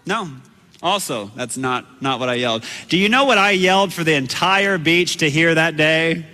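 A man with a high, bright voice delivers a bouncing, lively sermon framed as a story, even performing his own shouts. He speaks a little slowly, and a long hall reverb follows every line.

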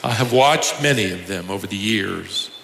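A man's voice: on the low side, animated, moderate pace, creaky, a bit bright. A man preaching a sermon, telling humorous stories and chuckling at his own jokes. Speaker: pastor. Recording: echoey hall, faint noise.

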